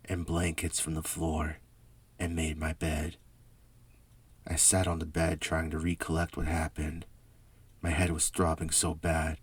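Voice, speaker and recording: Low husky guy reading a creepy story, slow and dry, close mic. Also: no room sound. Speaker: horror story narrator. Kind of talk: scripted horror narration.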